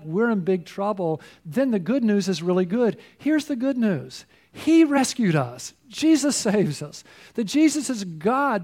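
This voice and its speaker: High-voiced pastor preaching earnestly. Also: male voice, darkish tone. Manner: earnest, asks many rhetorical questions. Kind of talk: sermon.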